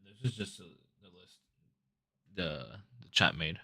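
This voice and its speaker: A man chatting on his live stream in a rambling, self-conscious way, stumbling over restarts. His voice is low with a gravelly rasp and a bright, tense edge. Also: animated, measured pace. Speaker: livestreamer. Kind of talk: casual live stream chat.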